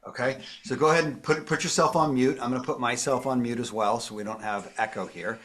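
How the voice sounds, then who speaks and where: A man's voice: medium pitch, fairly even intonation, quick pace, fairly bright tone, slight background noise. A man presenting a live phone tutorial, walking viewers through each step in an upbeat, explanatory way. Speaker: tech presenter.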